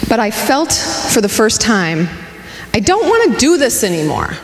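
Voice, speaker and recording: A woman's voice: a little high, measured pace, a little hiss or hum. A woman in her forties giving a candid, humorous sermon as a spiritual director, telling personal stories. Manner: lively, candid, humorous storytelling. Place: spiritual community sanctuary. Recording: echoey hall with long reverb.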